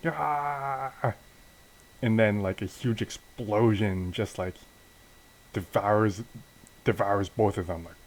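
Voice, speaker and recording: A young man with a fairly low voice narrates a wrestling game story in a relaxed, offhand way. He hesitates often and restarts his sentences. He also pokes fun at his own choices. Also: low-quality recording. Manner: hesitant, self-deprecating, many restarts. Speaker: channel host narrating a wrestling sim.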